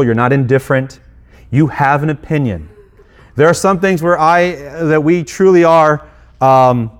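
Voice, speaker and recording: Conversational middle-aged male pastor preaching. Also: mid-range voice. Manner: conversational, self-deprecating preaching with acted asides and restarts. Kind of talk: sermon.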